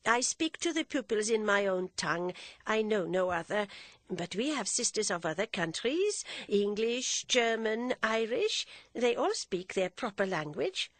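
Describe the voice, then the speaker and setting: A woman voicing a gentle, modest elderly French nun who speaks slowly and carefully. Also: mid-range voice, big pitch swings, dry recording, voice pushed up.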